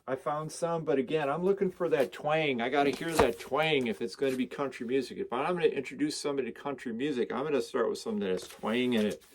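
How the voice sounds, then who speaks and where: Talking fast with hardly any pauses, this medium-pitched record collector vlogger shows his collection over a slight hiss or hum. His chat is casual and enthusiastic as he rambles between records and reads out the song titles.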